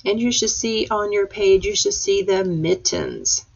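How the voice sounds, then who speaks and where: A woman's voice: mid-range voice, a little slow, gravelly, breathy edge. A woman teacher leading a reading lesson for young children, patiently sounding out letters and words. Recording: dull lo-fi recording.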